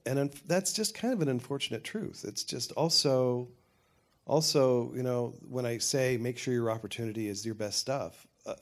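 An older man, a television showrunner, answering audience questions in a frank, rambling way with many restarts. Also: mid-range voice. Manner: rambling, self-correcting, frank. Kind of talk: panel Q&A talk.

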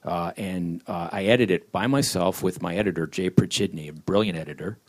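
A man's voice: low voice, brisk. A man who creates comedy shows tells wry, rambling stories during an audience Q&A at a live panel event. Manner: wry, rambling storyteller who slips into voices.

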